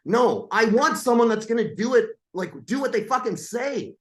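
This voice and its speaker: A man with a fairly high voice talks in a brash, swaggering way, dropping curses as he sells his coaching. He sounds like a confident salesman chatting on a podcast. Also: lively intonation. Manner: brash, swearing, fast-talking salesman. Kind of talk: casual podcast talk.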